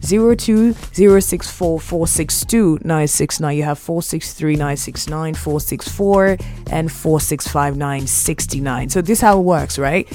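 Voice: mid-range voice, unhurried, hardly any pauses, darkish tone, faint music behind. A Nigerian radio host running a call-in word game with a playful, laughing manner. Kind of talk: lively call-in radio chat. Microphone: studio microphone.

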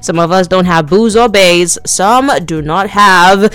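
A woman's voice: on the low side, measured pace, fairly bright tone, clean tone, no room sound. A young woman hosting a midday radio show, chatting playfully and speaking straight to her listeners. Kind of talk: casual radio chat.

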